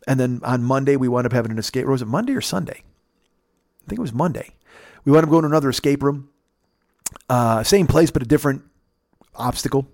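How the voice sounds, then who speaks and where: A man's voice: medium pitch, darkish tone, no echo, studio quality. A man hosting a podcast, telling a story in a casual, rambling, profane way. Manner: profane, rambling, laid-back. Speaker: podcast host.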